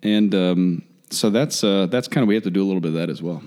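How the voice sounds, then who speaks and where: A man with a very low, deep voice chats loosely on a talk show. He rambles and restarts often as he works his way into a topic. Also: a little mellow. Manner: rambling, halting. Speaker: podcast co-host. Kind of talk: casual chat.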